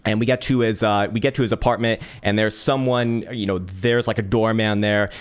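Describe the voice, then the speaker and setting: A man from San Francisco hosts his channel and tells a personal story in a relaxed, casual way. He swears freely, stumbles into repeated words and breaks into laughter often. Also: on the low side, a little fast, clear, resonant tone. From San Francisco, USA.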